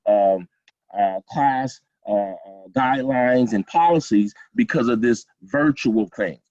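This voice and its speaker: A man's voice: mid-range voice, darkish tone, no room sound. A middle-aged man leading an online class, encouraging and repeating himself with many fillers over a video call. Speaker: college program instructor. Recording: dull lo-fi video call audio.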